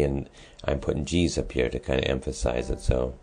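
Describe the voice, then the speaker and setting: A man with an extremely deep, low voice walks students through a class assignment. He talks casually and explains each step, pausing on ums and restarting his sentences. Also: steady tone, a little mellow, slight background noise. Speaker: music teacher. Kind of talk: screen-recorded lesson walkthrough.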